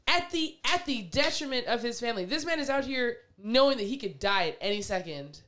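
A woman's voice: a little high, lively intonation, fairly quick, fairly bright tone, slight background noise. A woman co-hosting a casual podcast chat, talking emphatically with an exasperated edge. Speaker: podcast co-host. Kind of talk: casual chat reviewing a TV show.

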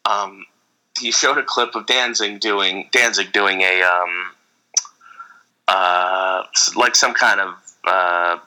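A man co-hosting a casual podcast, rambling through an animated story with frequent laughs. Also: low voice, takes it slowly, poor audio. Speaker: podcast co-host. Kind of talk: casual chat.

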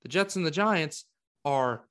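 A man co-hosting a sports podcast, talking in casual, animated rants with frequent restarts. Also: fairly high pitch, a little slow. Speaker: podcast co-host.

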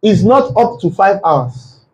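Male pastor, high-pitched, fervent sermon delivery with sudden shouted peaks. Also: lively intonation, moderate pace, lo-fi sound. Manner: emphatic, rhetorical questions, bursts into shouting. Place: church.

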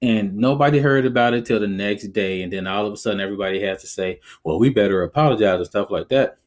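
A man hosting a podcast, giving his opinions in a casual, animated way and often laughing as he talks. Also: on the low side, fast. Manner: conversational, reflective. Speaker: podcast host.

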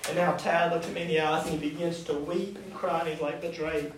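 A man's voice: fairly high pitch, flat delivery, fairly quick. A man teaching a youth Bible study in a casual, conversational way, often asking the class questions. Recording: echoey room, distant mic, faint noise.

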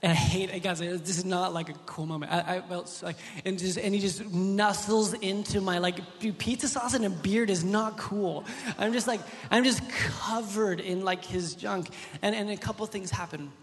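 A male pastor in his thirties delivers an impassioned sermon in a high voice. He swings from loud, soaring lines to soft, close ones and tells stories casually. The sound rings with the long reverb of a large hall. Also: steady tone, normal speed, few pauses. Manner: impassioned preaching, rises loud then drops soft. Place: church hall.

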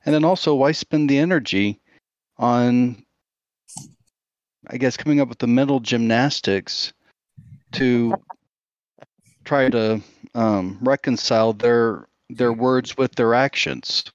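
A man co-hosting a casual podcast, speaking in a thoughtful, measured way with some hesitations. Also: mid-range voice, dry recording. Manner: thoughtful, measured, recommends books. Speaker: podcast co-host. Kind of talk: casual group chat. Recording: slightly dull lo-fi mic.

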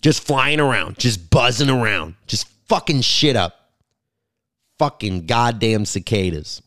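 A man's voice: mid-range voice, lively intonation, measured pace, a bit bright, no room sound, studio quality. A comedian rambling crudely through a casual podcast monologue, recorded in his garage. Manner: rambling, crude, self-interrupting. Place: home garage.

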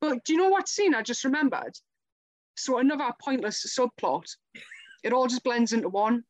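A woman with a high voice chats on a podcast, swearing freely and acting out film scenes. The recording is dry and close. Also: lively intonation, moderate pace, no echo. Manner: sweary, laughing, retelling scenes. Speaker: podcast co-host. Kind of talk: casual chat.

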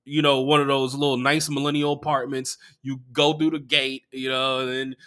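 A man, a comedian, chatting casually on a podcast and telling profane, animated stories that jump into loud outbursts. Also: mid-range voice, moderate pace.

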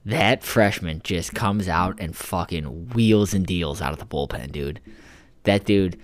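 A man's voice: low-pitched, unhurried, dry recording. A man co-hosting a podcast, joking around in crude, casual banter. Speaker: podcast co-host. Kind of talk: casual chat.

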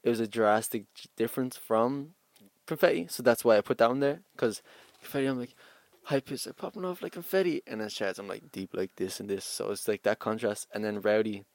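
A young man talks about his songs in an easy, laid-back way, laughing a lot and letting his sentences trail off. His voice sits fairly low, and it is recorded close and dry with no room sound. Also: fairly quick, no room sound. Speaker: rapper guest. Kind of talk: casual interview chat.

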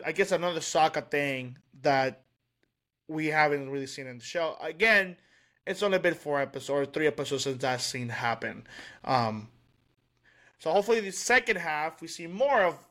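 A man co-hosting a podcast in casual chat, halting and searching for his words as he talks. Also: a little high, a bit bright. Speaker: podcast co-host.

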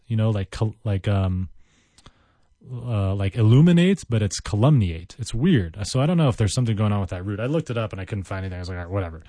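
Casual male vocabulary teacher, low mellow voice, dry close sound, rambly and repetitive. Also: no room sound. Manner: chatty, goes off on tangents and repeats words.

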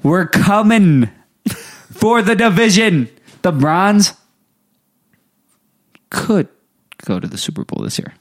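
A young man co-hosting a casual podcast, bantering excitedly about his football team. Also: sits high, slow pace, pauses often. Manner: excitable sports-fan banter. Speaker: podcast co-host. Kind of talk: casual chat between friends.

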